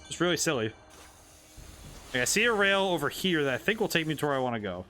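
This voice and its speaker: Animated, bright-voiced male game streamer. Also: a little high, quick pace, faint music behind. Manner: rambling, playful, thinking aloud with restarts. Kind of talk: casual live-stream commentary while playing.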